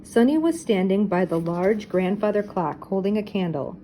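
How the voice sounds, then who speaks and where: An older woman reading a children's mystery book aloud, clear and expressive. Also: medium pitch, normal speed, slight background noise, low-quality recording. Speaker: storybook reader. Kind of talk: children's storybook read-aloud.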